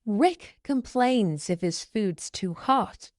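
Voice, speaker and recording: Woman voicing lesson examples, slow and lively, dry close sound. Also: mid-range voice, dry recording. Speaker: example sentence reader. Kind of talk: scripted example readings.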